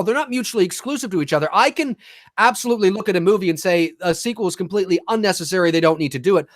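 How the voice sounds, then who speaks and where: Man, podcast co-host, casual rambling chat, slightly high voice, dry close sound. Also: no echo. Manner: rambling, animated, restarts, swears casually. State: talking with a lozenge in his mouth. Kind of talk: casual live-stream chat.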